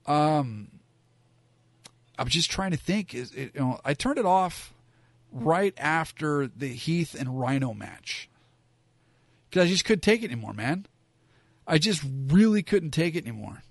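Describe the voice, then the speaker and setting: This Southern Californian wrestling commentator has a somewhat high voice with lively intonation, vocal fry and long pauses, speaking unhurriedly with no echo. In a casual opinion monologue, he rambles frankly, using lots of fillers.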